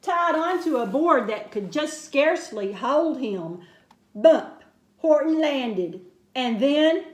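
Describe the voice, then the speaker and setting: Brief: high, lively woman storyteller, slow and bright, reading rhymes in a roomy space. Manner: expressive, sing-song rhyming delivery. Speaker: children's storyteller. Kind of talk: reading a picture book aloud. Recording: roomy echo.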